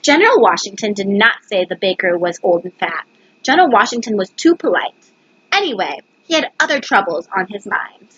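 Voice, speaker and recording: A woman's voice: mid-range voice, sing-song, brisk, fairly bright tone, slightly rough, dry recording, lo-fi sound. A woman reading a picture book aloud, stumbling over words and correcting herself. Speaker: reader. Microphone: webcam.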